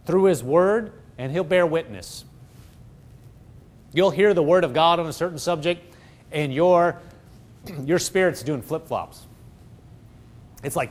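A man preaching a sermon, swinging from loud, excited exclaiming to low, hushed tones. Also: unhurried.

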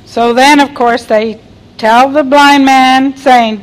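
Slow-preaching woman with a high voice. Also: animated, poor audio. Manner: reads scripture aloud and cries out quoted lines loudly; asks the listeners questions. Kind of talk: sermon.

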